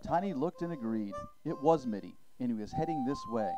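A man narrating a children's story with a gentle storybook telling. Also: medium pitch, expressive, fairly quick, few pauses, low-quality recording. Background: music.

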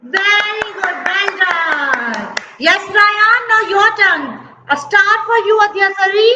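A woman's voice: very high-pitched, slow pace, pushed and bright, a little hiss or hum. A woman teaching preschoolers in an online class, praising them in a sing-song, exaggerated way over a video call. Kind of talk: online class for small children. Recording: dull, echoey video-call audio.

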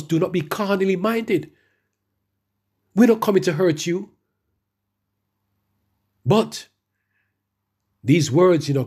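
A man preaching a sermon, reading scripture verses slowly and then preaching with emphatic rises in his voice. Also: a little high, a little mellow, slightly rough.

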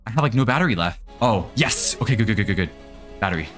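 Young male gamer, jittery commentary, lowish voice with lively swings. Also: fast talker, faint music behind. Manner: jittery, nervous, talks to the animatronics and viewers. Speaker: gaming video creator. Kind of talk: casual let's-play commentary.

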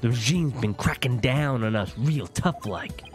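A man's voice: medium pitch, animated, measured pace, soft background music, pitched below the performer's own voice, natural voice. A man doing a drawling pirate rebel. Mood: boastful. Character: scrappy young male rebel with a pirate drawl. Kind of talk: voicing game dialogue aloud.

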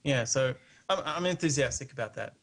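An Australian man speaking as a guest in a loose late-night conversation. He hesitates, fills pauses with ums and uhs, and laughs easily at the banter. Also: medium pitch, lively intonation, a bit bright. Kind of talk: casual late-night chat.

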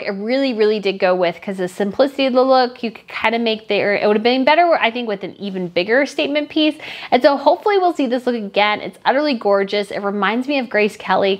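A woman talking casually as a royal fashion commentator, chatty and opinionated, gushing over some looks and blunt about others. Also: mid-range voice. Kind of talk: casual chat.

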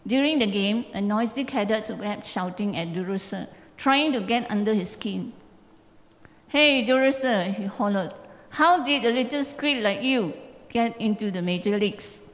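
A woman's voice: mid-range voice, moderate pace. A woman, reading a passage aloud during a church seminar. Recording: long church hall reverb.

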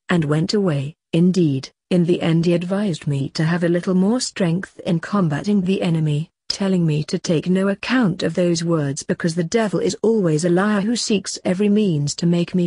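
A woman narrates an audiobook diary in an earnest, measured way. Her voice sits low and mellow with a soft breathy edge, and the sound is close and dry. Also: dry recording.

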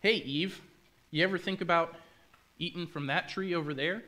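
A sly serpent with a higher, sing-song voice that climbs high as it scoffs at any danger, as a man does the voice. The tempter sounds smooth and coaxing. Its tone is bright and forward. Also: normal speed. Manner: coaxing, mockingly reassuring.

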